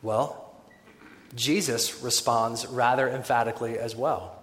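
A man preaching a sermon in a conversational, animated way, with wry humorous asides. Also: mid-range voice, unhurried. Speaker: pastor. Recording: echoey hall with long reverb.

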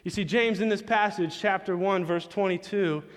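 A man's voice: high-pitched, normal speed. A man preaching a sermon, telling chatty stories about his young son and acting out the dialogue. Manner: storytelling, chatty, acts out dialogue. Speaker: pastor. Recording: long hall reverb.

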